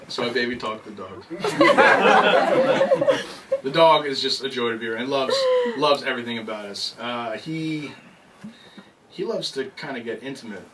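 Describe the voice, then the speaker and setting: A man's voice: medium pitch, unhurried, long pauses. Young guy doing standup at a bar, swoopy voice, laughs at himself, far off noisy recording. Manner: animated storytelling, laughing at his own jokes. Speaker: stand-up comedian. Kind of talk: stand-up comedy set. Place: bar comedy night. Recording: distant mic with loud noise and crowd.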